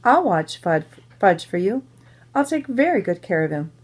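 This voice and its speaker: A woman's voice: mid-range voice, sing-song, moderate pace. A woman voicing a bossy, know-it-all schoolgirl in a storybook read-aloud, pushy and pleading by turns.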